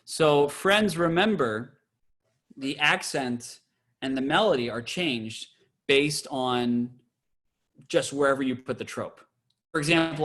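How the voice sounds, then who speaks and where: Slow, bright-voiced cantor teaching chant. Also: male voice, a little high. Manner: explains briefly, then sings trope words slowly. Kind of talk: online Torah trope lesson. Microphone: video call.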